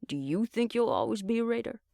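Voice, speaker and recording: A man voicing a cocky, teasing young male survivor who talks bluntly, with a gravelly edge. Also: very high voice, sing-song, brisk, dark tone, no room sound, clean studio sound, pitched above the performer's own voice, exaggerated voice.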